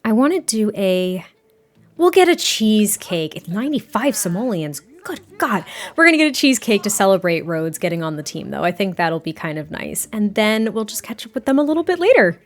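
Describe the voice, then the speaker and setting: A woman's voice: medium pitch, very animated, fairly quick. A young woman narrating a life-sim game story in a chatty, giggly, rambling way. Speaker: gameplay creator.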